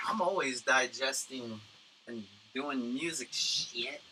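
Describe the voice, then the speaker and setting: A man's voice: fairly high pitch, expressive, measured pace, pushed and bright, rough recording. A man from Tucson hosting a livestream, chatting casually in a profane, rambling way with lots of fillers, into a studio condenser mic. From Tucson, Arizona, USA. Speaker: livestream host. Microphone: studio condenser microphone.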